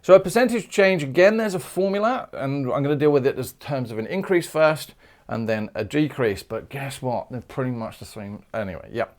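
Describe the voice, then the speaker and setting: A man's voice: mid-range voice, lively intonation, fairly quick, darkish tone. Upbeat chatty man teaching maths. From United Kingdom. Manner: upbeat and chatty, with playful asides. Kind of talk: video maths lesson.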